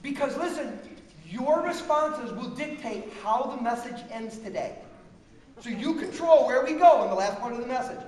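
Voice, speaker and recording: A man's voice: very high-pitched, moderate pace. A man preaching a humorous, self-mocking sermon as pastor on a church stage. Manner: self-mocking, animated storyteller. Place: large church hall. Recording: echoey church hall, long reverb.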